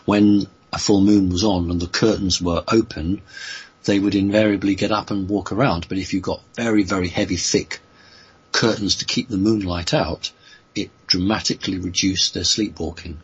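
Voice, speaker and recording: Deep, husky man with muffled audio. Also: steady tone. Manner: slow, halting, many fillers and restarts. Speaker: guest answering listener questions. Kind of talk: unscripted spoken answers.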